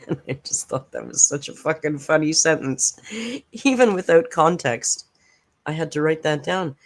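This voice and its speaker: A woman's voice: low voice, normal speed. A woman hosting a reaction channel, giving blunt, sarcastic casual commentary and swearing freely.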